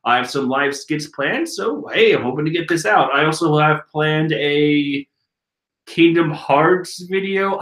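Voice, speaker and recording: Reading a comic aloud from a room at home, this manga channel host chats casually in a giggly way. His voice is fairly high and fairly bright, and the recording has a roomy echo.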